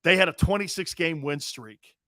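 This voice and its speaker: A man's voice: fairly high pitch, moderate pace, no room sound, studio quality. A man in his fifties hosting a sports talk show, telling boisterous, rambling anecdotes with emphatic restarts. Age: 50s. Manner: animated, emphatic storyteller.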